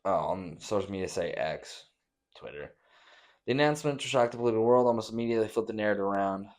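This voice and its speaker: A man's voice: lowish voice, fast talker. Profane young man ranting. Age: young adult. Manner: profane, mocking, reads news aloud then riffs with exaggerated voices. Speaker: podcast host. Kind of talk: casual rant reacting to news.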